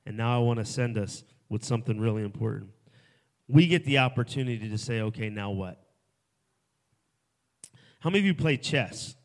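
A man preaching a sermon at a festival, swinging from hushed, soft lines to loud, emphatic ones. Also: medium pitch, lively intonation, normal speed, pauses often. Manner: dynamic, swings from hushed to shouting. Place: festival stage before a crowd.

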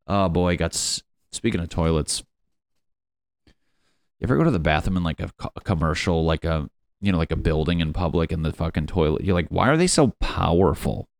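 Deep gravelly young man ranting on a podcast. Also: steady tone, moderate pace, long pauses, no room sound, studio quality. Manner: rambling, profane, laughing at his own jokes. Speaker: podcast host. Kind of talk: casual solo podcast rant.

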